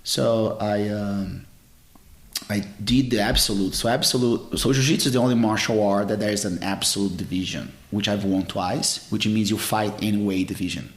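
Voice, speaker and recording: A man's voice: fairly low pitch, normal speed. Earnest man telling stories, roomy sound. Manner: earnest, expressive storyteller with non-native English phrasing. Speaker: jiu-jitsu champion and guest. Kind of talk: casual storytelling interview. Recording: roomy echo.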